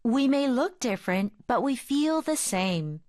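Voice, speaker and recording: Slow, lively woman reading a picture book. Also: on the high side, slight background noise. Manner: gentle, expressive read-aloud. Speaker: storybook reader.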